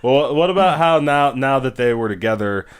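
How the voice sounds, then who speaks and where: A man's voice: mid-range voice, lively intonation, moderate pace, smooth. A man co-hosting a podcast, casually recapping a movie in a rambling way and acting out its lines. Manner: rambling, acts out movie quotes. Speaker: podcast co-host. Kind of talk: casual movie review chat.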